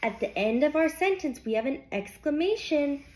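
A young adult woman teacher reading a picture book aloud to young children in a slow, sing-song storybook voice. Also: sits high, lively intonation, a little mellow.

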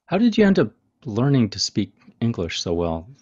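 A man's voice: mid-range voice, wildly swooping pitch, moderate pace, darkish tone, muffled recording. A man hosting a podcast, telling a story in an easygoing way with fillers. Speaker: podcast host. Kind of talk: casual interview chat.

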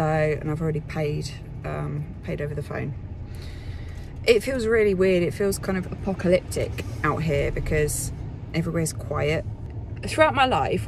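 A woman's voice: low-pitched, gravelly, noisy background. A young woman in a casual vlog, talking frankly and a little wearily, rambling with fillers and the odd swear word. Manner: rambling, frank, sweary, talks in baby voice to her child. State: unwell, hiccups. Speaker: vlogger.

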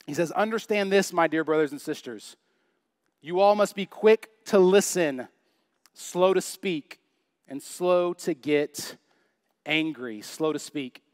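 Man, pastor, sermon, casual and joking, rhetorical questions, slightly high voice, dry sound. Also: takes it slowly, dry recording. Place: church.

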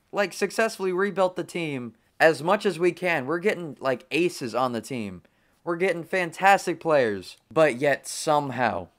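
A young man giving casual, excitable commentary over a sports video game, talking to himself and complaining when things go wrong. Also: on the high side. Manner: excitable, frustrated, talks to himself. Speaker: gaming channel host.

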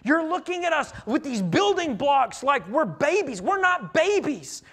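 A man's voice: extremely high pitch, big pitch swings, unhurried, fairly bright tone, pitched above the performer's own voice, full character voice. A man preaching who voices proud grown men mocking a prophet in a sneering, raised voice.

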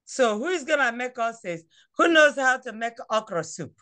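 A woman teaching a language class over a phone, patient and coaxing, repeating words slowly. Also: a little high, big pitch swings, sharp tone, clear, resonant tone.

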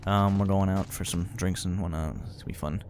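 A young man giving excitable, chatty let's-play commentary, laughing often. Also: low voice, brisk, a little hiss or hum. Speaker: gaming video host.

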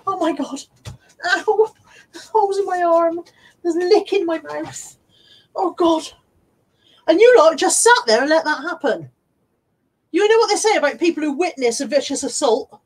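Irish woman, middle-aged, high voice, chatty live-stream host who reads comments and laughs a lot. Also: animated, moderate pace, pauses often. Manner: chatty, laughs often, breaks into off-key singing. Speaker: live-streaming reseller vlogger. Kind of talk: casual live stream chat, reading out comments.

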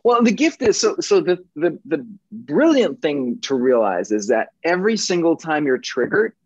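Husky-voiced man, emphatic and profane. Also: on the high side, normal speed, no echo, lo-fi sound. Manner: emphatic, profane, animated, swings between intense and gentle. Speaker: podcast guest. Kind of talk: casual conversation.

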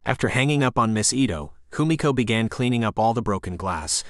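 A man narrating a scary story in a calm, measured, scripted way. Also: on the low side, dry recording, studio quality.

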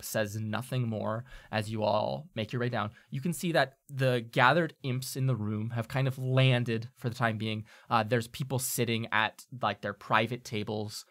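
Bright-voiced male game master. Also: fairly low pitch. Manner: descriptive, full of fillers. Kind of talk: narrating a tabletop game.

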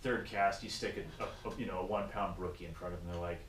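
Casual male angler, lively storyteller, roomy sound from a distance off the mic. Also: low voice, quick pace. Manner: animated storyteller, acts out voices. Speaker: guest angler. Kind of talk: casual fishing chat. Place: in a car on the road. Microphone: action camera. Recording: echoey and distant, faint noise.

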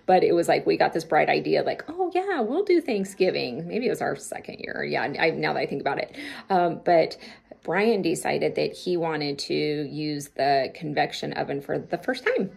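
A woman's voice: sits low, moderate pace, gravelly, darkish tone, slightly rough. A middle-aged woman vlogger telling casual stories to camera, chatty and laughing often as she acts out what people said.

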